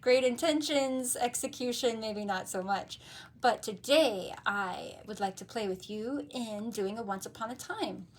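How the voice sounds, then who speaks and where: A woman's voice: a little high, a little slow. A woman hosting a tarot video, telling a story in a casual, playful and goofy way that is full of laughs.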